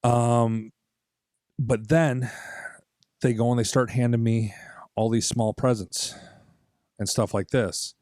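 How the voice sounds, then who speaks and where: A man's voice: medium pitch, slow, pauses often, dry recording, clean studio sound. A man in his forties co-hosting a podcast, telling a childhood holiday story in casual chat, swearing freely and acting out what people said. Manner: animated, swears a lot, acts out quoted voices. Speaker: podcast co-host.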